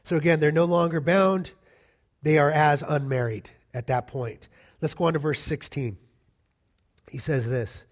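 A man's voice: on the high side, a little slow. A middle-aged man preaching a sermon as a pastor, conversational and emphatic, repeating key phrases and joking casually with the congregation.

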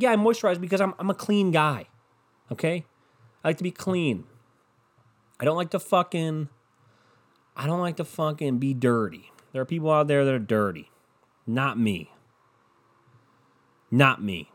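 A man's voice: on the high side, very animated, moderate pace, pauses often. A man host delivering a profane, exasperated ranting monologue, repeating his points for emphasis and throwing crude insults.

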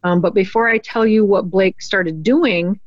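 A woman guest telling a personal story in an earnest, animated way. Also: medium pitch, unhurried, no echo. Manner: earnest, animated storyteller who acts out quotes. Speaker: interview guest. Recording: dull, dry lo-fi recording.

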